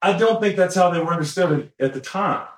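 A brisk, high-sitting male voice belongs to a podcast co-host chatting casually. He rambles and corrects himself, leaning heavily on fillers and laughing lightly as he speaks, with an echo in the room.

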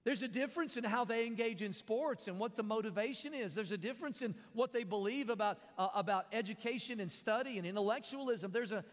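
A man's voice: high voice, quick pace, hardly any pauses, long reverb tail. A man preaching a sermon, conversational, with jokes and repeated phrases. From American South. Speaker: pastor.

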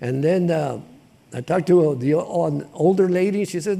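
A man preaching a sermon in a conversational, impassioned way, with repetition and street slang, rising to shouts. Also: a little high, normal speed, gravelly.

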